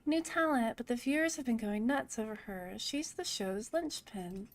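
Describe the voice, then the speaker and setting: A sleazy, rotund studio boss in a cyberpunk game, all high nasal wheeling and dealing in a rough mock New York accent. A woman puts him on while reading the game text. The voice stays fairly high. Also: lively intonation, moderate pace. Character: rotund male film-studio boss, oily and pushy. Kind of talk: reading game dialogue aloud.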